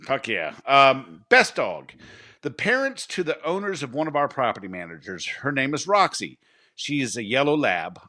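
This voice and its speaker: Male podcast co-host, crude blunt banter, bright forward tone. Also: mid-range voice, very animated, normal speed. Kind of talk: casual podcast chat.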